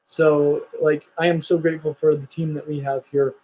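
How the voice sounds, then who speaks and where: A man's voice: a little high, level tone, moderate pace, mellow, slightly rough, highs cut off. An enthusiastic man hosting a casual livestream chat, talking in rambling bursts with restarts. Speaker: host.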